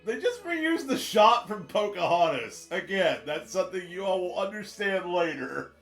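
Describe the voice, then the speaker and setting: A man's voice: high-pitched, big pitch swings, normal speed, gravelly, fairly bright tone, faint music behind. A man hosting, giving casual riffing commentary in a sarcastic, profane manner. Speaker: host. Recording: roomy echo.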